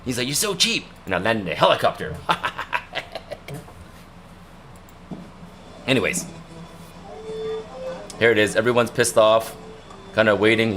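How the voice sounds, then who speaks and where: A man's voice: on the low side, a bit bright. A young man casually telling a rambling story to his livestream viewers, repeating himself as he goes. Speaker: livestream host.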